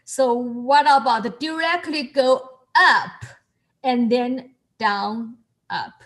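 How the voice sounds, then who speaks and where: A woman with as her teaches tones over a video call. She speaks slowly and a little high, stopping and repeating words as she goes. She laughs often between explanations. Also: a bit bright. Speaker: Mandarin tone teacher. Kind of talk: online class instruction.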